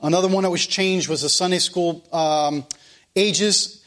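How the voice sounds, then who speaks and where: Man, pastor, high voice, emphatic sermon, earnest. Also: fairly even intonation, unhurried, fairly bright tone. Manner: earnest, emphatic scripture reading with restarts.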